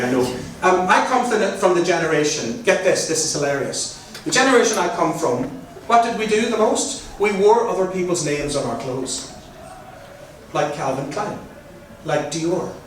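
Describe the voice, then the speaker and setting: A middle-aged man with a Belfast accent, giving a chatty, joking talk to a live audience. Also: high voice. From Northern Ireland. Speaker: guest speaker. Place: large hall with an audience. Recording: very echoey hall, mic at a distance, faint noise.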